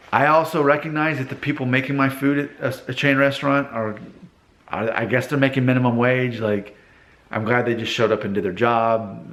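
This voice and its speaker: A man's voice: mid-range voice, a bit bright. A man in his thirties giving casual advice straight to camera, talking it through in a conversational way from his father's car repair shop. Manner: conversational, acts out quoted people in exaggerated voices. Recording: echoey workshop.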